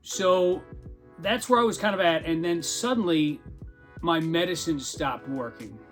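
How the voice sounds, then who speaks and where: A man's voice: a little high, a little slow, soft background music. A man hosting a podcast, talking candidly about his own life in a conversational, self-deprecating way with a wry sense of humor. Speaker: podcast host. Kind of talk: candid personal monologue.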